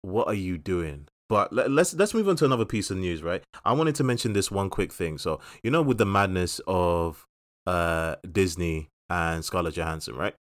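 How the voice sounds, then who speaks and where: Low-voiced man, wry podcast host. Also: animated, moderate pace, no room sound, studio quality. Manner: opinionated, wry, steers the talk. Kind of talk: casual chat.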